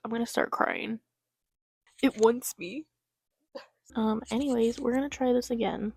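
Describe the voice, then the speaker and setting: A woman's voice: a little high, a little slow, vocal fry, long pauses, husky, no room sound. A young woman vlogging casually at home about books, chatty, swearing freely and easily distracted. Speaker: book vlogger. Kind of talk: casual chat.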